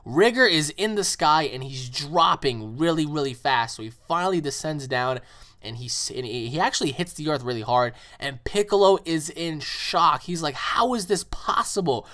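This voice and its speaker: A man's voice: a little high, lively intonation, normal speed, pushed and bright. Rambling man summarizing a comic. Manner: rambling, full of "you know" and "like" fillers. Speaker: comic review channel host. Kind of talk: casual retelling of a fan comic.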